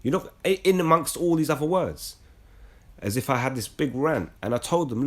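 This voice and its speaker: Husky, blunt man. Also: medium pitch, animated, a little fast. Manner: blunt and heated, with frequent swearing. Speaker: religious speaker. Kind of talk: personal storytelling mixed with scripture reading.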